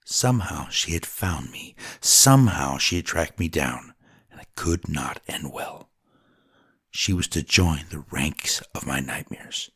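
A man narrating a dramatic first-person story in a solemn, deliberate way, at times dropping to a whisper. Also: very deep voice, expressive, fairly bright tone, breathy edge, no room sound, studio quality.

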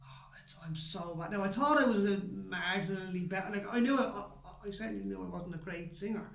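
A man's voice: high-pitched, brisk, vocal fry, fairly bright tone. A man chatting casually, making fun of himself and repeating words for emphasis. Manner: self-mocking, repeats himself. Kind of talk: casual chat. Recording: echoey room.

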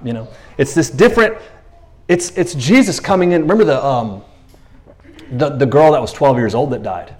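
A man preaching a sermon in a conversational, animated way, acting out the voices of the people in the stories he tells. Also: medium pitch, normal speed.

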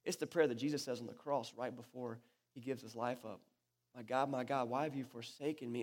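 A man preaching a sermon to his church, talking casually and with animation, often restarting his sentences. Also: on the high side. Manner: conversational and animated, with many restarts. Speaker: pastor. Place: church hall. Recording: echoey church hall.

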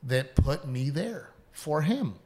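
A man, co-hosting a podcast in casual chat, telling earnest stories and going hushed at heartfelt moments. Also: on the high side, very animated, slow pace. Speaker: podcast co-host.

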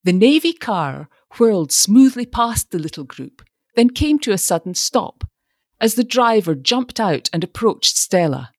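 A woman narrating an audiobook with expressive storytelling. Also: medium pitch, unhurried, no room sound, studio quality.

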